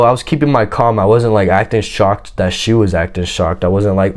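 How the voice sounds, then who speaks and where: Low-voiced man telling a boastful story. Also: normal speed, darkish tone. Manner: boastful, slangy, confident. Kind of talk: casual personal storytelling.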